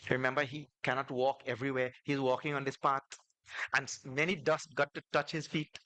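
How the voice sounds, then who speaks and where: A swami, a man, telling devotional stories in a sermon, animated and repetitive, building emphasis as he goes. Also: medium pitch, a little fast, no echo. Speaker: swami, spiritual teacher.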